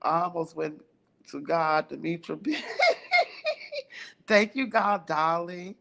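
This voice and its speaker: An older woman hosting a casual livestream chat with viewers, telling stories in an animated way and laughing often. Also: low-pitched, slow, vocal fry. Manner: laughs often, animated storytelling with lively quoted voices. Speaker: livestream host.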